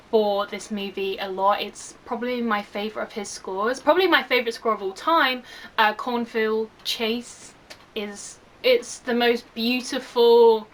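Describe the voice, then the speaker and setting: A young woman talking casually and animatedly, full of fillers, as she reviews a film for her channel. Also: on the high side. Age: young adult. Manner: gushing and animated.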